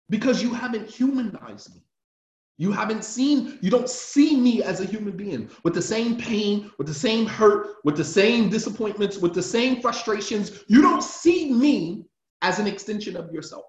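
A man's voice: sits high, expressive, moderate pace. A man, an imam, giving an emphatic, impassioned religious class lecture and driving his points home with repetition. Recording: roomy, dull lo-fi sound.

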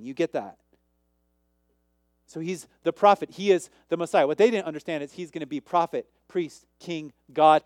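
A man preaching a sermon, emphatic, with sudden shifts in pace and loudness. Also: on the high side, no echo, clean studio sound. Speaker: pastor.

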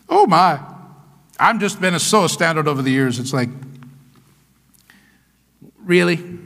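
A male pastor preaching an energetic sermon in a church, exclamatory and full of call-and-response urging. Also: on the high side, unhurried, long pauses. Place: church sanctuary. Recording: long church hall reverb.

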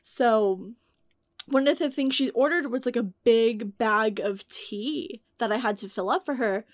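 A young woman casually telling a story in animated, profane bursts, acting out the voices she quotes. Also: on the high side, unhurried, no echo, clean studio sound. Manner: animated, swearing, acts out quotes. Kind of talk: casual chat.

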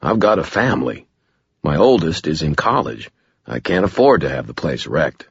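A tired, cautious middle-aged bookshop owner, voiced by a man reading an audiobook, speaking in a careful, quiet way. The voice is extremely deep with a husky edge. The recording is dry and dull, with a lo-fi feel. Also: sing-song, normal speed, no echo, exaggerated voice. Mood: guarded, apologetic.

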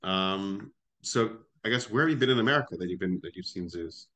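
A man's voice: low voice, fairly quick, pushed and bright. A young man chatting casually with his mother, dropping short replies and loose asides. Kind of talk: casual family chat.

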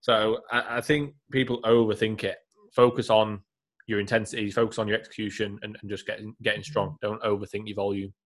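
A man's voice: fairly low pitch, level tone, a little fast. A man hosting a casual podcast, rambling with hesitant restarts and casual swearing. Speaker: podcast host.

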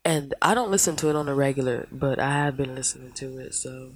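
A woman hosting a casual podcast, telling stories in an animated, profane way and mimicking other people's voices. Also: a bass voice, a little fast. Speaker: podcast host. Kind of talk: casual chat.

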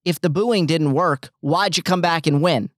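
A man's voice: on the high side, normal speed, a bit bright, no echo, studio quality. A man hosting a sports talk show, giving blunt, emphatic opinions and hammering his points home.

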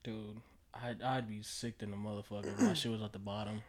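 A young man co-hosting a casual podcast chat, animated and profane, laughing often. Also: on the low side, fairly quick. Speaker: podcast co-host.

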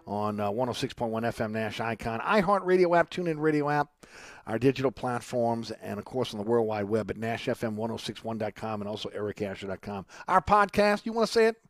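A man's voice: on the low side, fairly quick, no room sound. A man hosting a radio talk show, reading announcements and a sponsor ad, rambling with many fillers and restarts. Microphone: studio microphone.

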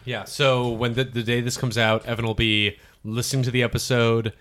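A man's voice: medium pitch, level tone, fairly quick, fairly bright tone, clean tone. A man co-hosting a podcast in easygoing casual chat, laughing along. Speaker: podcast co-host.

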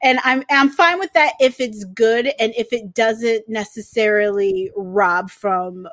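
A woman's voice: on the high side, unhurried, fairly bright tone, no echo, studio quality. A woman co-hosting a podcast, giving frank, opinionated takes in casual movie chat. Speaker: podcast co-host.

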